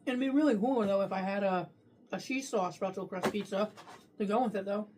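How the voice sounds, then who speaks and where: A woman's voice: mid-range voice, fairly quick, background noise. A woman reviewing takeout food on camera in a casual, profane way, talking while she eats and ranting freely. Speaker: food vlogger.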